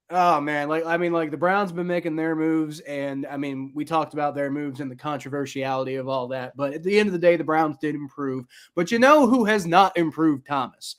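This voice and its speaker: Guy from ohio rambling about football on a podcast, kinda high voice, lots of um and like. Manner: rambling, lots of fillers and restarts. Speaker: podcast co-host. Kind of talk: casual sports chat.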